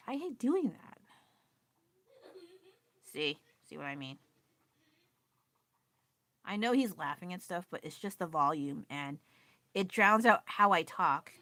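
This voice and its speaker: Bright-voiced woman ranting on a livestream. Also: medium pitch. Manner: ranting, laughing and swearing often. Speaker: livestreamer and painter. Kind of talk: casual livestream chat. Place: at home with her child nearby.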